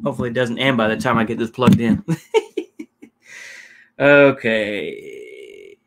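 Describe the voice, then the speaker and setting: A man's voice: medium pitch, big pitch swings, unhurried, vocal fry, fairly bright tone. A man casually commenting on footage during a livestream, rambling and swearing with lots of fillers. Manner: rambling, profane, many fillers. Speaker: streamer reacting to protest footage.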